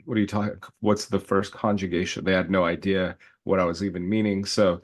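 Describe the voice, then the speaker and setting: A man with a fairly low voice talks through his ideas in an easygoing panel chat. He circles back and restarts his sentences, laughing now and then. The delivery is loose and conversational, like a teacher chatting with colleagues. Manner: thinks aloud with frequent restarts and laughs. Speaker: teacher and podcast co-host.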